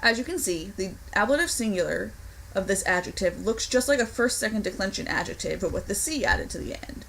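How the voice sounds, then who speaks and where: A young woman delivers a recorded online lecture on grammar. She explains each point clearly and deliberately, her voice sitting at an ordinary middle pitch, with now and then a small slip of the tongue. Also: lively intonation, fairly bright tone, slight background noise, low-quality recording. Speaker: Latin instructor.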